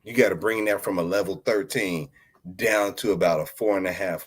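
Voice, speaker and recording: A man's voice: sits low, moderate pace, breathy edge. A man hosting a podcast, telling a story in casual chat and laughing often as he talks. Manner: laughs often while talking, animated and joking. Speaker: podcast host.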